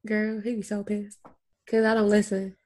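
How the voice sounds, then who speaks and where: A woman's voice: mid-range voice, level tone, normal speed, a little mellow. A woman co-hosting a podcast, giggly and gushing, in slangy casual chat. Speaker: podcast co-host.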